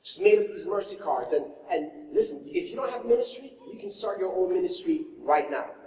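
Animated male pastor in an echoey hall. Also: sits high, brisk. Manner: animated storytelling, swinging from loud to hushed. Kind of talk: sermon. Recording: echoey hall, mic from far off.

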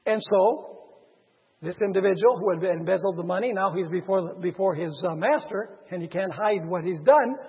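A man preaching a sermon in a high, husky voice, acting out the voices of a parable's figures. His delivery swings widely, rising loud and dropping soft. The sound is dull and carries the long reverb of a hall. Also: moderate pace. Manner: animated, acts out parable characters with sudden loud and soft swings.

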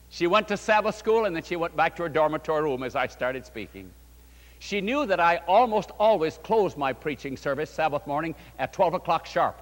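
An older man, a pastor, preaching a sermon and telling a story with fervent rises and quiet drops. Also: expressive, fairly quick. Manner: fervent preaching, voice swelling and dropping low. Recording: long hall reverb.

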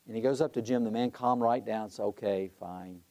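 Man, middle-aged, mid-pitched voice, conversational storytelling, leadership talk, frequent restarts. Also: level tone, fast talker, a little mellow. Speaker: conference president speaking on leadership.

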